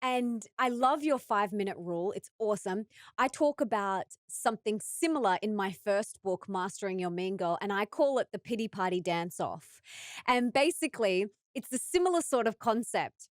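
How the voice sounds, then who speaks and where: A woman's voice: medium pitch, animated, moderate pace, dry recording. Enthusiastic woman host, dry close sound. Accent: Australian. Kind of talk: conversational interview.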